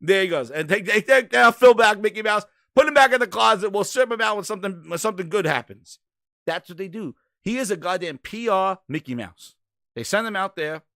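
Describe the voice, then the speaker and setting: Swearing guy hosting a gaming show, high and super lively. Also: a little fast, dry recording, studio quality. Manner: profane, animated ranting. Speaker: podcast host. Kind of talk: casual chat.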